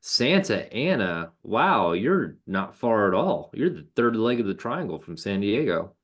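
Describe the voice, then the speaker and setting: A relaxed man hosts an online session over a video call, his voice sitting a little low. He keeps things loose and joking, tossing in slangy asides as he goes. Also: unhurried. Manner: laid-back, joking, slangy. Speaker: webinar host. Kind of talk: casual presenting.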